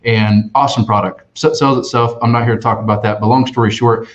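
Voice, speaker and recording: A man talking as a sales expert on a webinar, energetic and full of restarts and "right?" tags. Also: medium pitch, quick pace. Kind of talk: conversational webinar talk. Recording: dull lo-fi online webinar audio.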